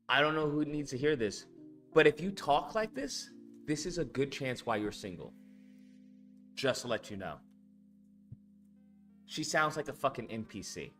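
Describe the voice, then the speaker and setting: Guy ranting over a clip he's reacting to, bright edgy tone, kinda high, some music under it. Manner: blunt, profane, mocking. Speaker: commentary host reacting to a video. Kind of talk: casual reaction commentary.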